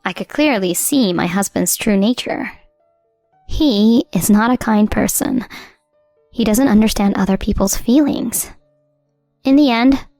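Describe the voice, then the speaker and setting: A woman narrating a scripted first-person story in an even, measured way. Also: mid-range voice, gravelly, no echo, clean studio sound.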